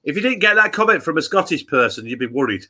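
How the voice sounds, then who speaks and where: A man's voice: fairly high pitch, very animated, fast, pushed and bright. A man from England co-hosting a live football watch-along, telling a sweary story in casual chat. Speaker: co-host.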